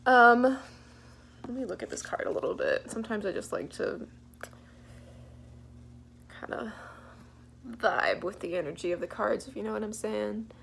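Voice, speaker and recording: Gravelly-voiced young woman reading tarot. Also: mid-range voice, moderate pace, long pauses, a little hiss or hum. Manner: laid-back, giggly, thinks aloud with fillers. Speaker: tarot reader. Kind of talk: casual pick-a-card tarot reading.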